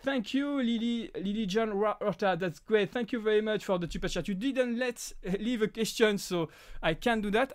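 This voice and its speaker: A man with a French accent, French as his first language, hosting a live prop-making Q&A in a halting way, with many restarts and fillers. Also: high voice. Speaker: prop-making channel host. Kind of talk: live stream Q&A chat.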